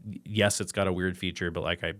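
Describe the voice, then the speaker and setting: A man, a machine shop co-owner and podcast guest, talking in an animated, exasperated rant during a casual conversation. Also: sits low, quick pace, dry recording.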